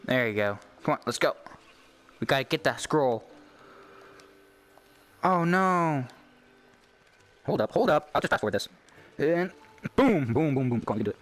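A young man giving let's-play commentary on a game he has waited for, excitable and cheering on his character. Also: medium pitch, normal speed, long pauses. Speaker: YouTube gamer.

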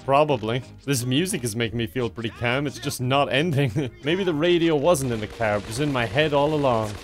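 Sarcastic Irish gaming commentator. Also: male voice, medium pitch, a little fast, soft background music. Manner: sarcastic, laughing asides. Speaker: gaming YouTuber. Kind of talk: comedic gameplay commentary.

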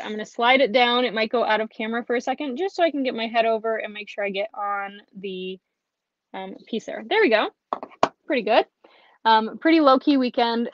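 A woman with a fairly high voice hosts a live card-making tutorial at a fairly quick pace, chatting casually and reading viewer comments between steps. As a stamping and card-making host running a craft stream with chat, she sounds dull, dry, and slightly lo-fi.

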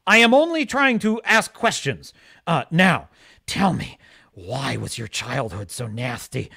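A man putting on the voice of a condescending male interviewer who speaks in a slow, deliberately soothing way. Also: mid-range voice, animated, vocal fry, sharp tone, breathy edge, voice pushed down, full character voice. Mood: smarmy. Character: smarmy overly calm male interviewer.

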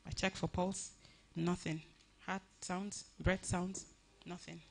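A woman giving a personal tribute at a funeral service, telling her story earnestly with many halting restarts. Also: lowish voice, flat delivery, creaky.

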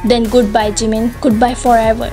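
A woman voicing a pregnant young woman who pleads with her lover, in an earnest, repetitive, even delivery, with music behind. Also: fairly high pitch, a little fast, lightly acted. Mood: bitter. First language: not English.

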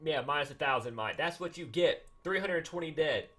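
Excitable man doing game commentary. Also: a little high, normal speed. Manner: excitable, mock-angry, repeats himself. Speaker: gaming YouTuber. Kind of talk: casual gameplay commentary.

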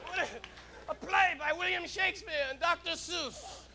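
A stand-up comedian with an extremely high-pitched voice performs live on stage at a moderate pace, swinging between strained yelps and mumbled asides. It's a noisy VHS concert recording, with audience laughter and crowd noise throughout.

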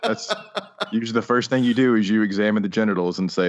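A man's voice: on the low side, fast talker, a little hiss or hum. A man co-hosting a podcast in casual comedic chat, with crude, teasing humor. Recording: dull lo-fi mic.

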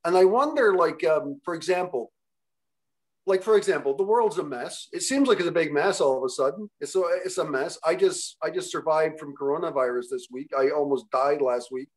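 A man's voice: on the high side, a little fast. A man interviewing, talking in long rambling questions full of hesitations and restarts. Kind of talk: casual conversation.

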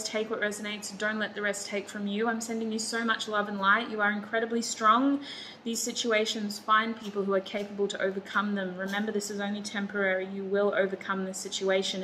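A woman giving a pick-a-card tarot reading, warm and reassuring, close to tears at times. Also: mid-range voice, a little hiss or hum, low-quality recording. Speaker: tarot reader.

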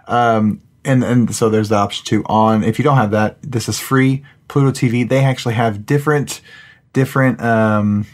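A man co-hosting a paranormal podcast, talking in an excitable, rambling way with frequent laughs. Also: medium pitch, normal speed. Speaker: podcast co-host. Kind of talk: casual chat.

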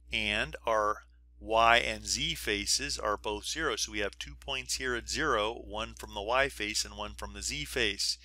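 A man's voice: fairly low pitch, sharp tone, dry recording. A middle-aged man giving a recorded engineering lecture, walking through diagrams step by step with informal asides and checks like "you see that?". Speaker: engineering professor.

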